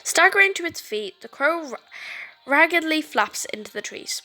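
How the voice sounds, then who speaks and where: A woman reading a story game aloud, animated and stumbling over words now and then. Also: high-pitched, normal speed, soft background music. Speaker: game streamer.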